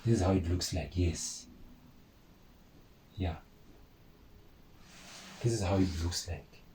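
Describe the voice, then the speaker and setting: A man's voice: low voice, slow pace, warm tone, a little hiss or hum, poor audio. A man teaching a maths lesson, talking informally to his viewers and repeating key points. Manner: chatty, addresses viewers as guys, repeats himself. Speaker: maths tutor.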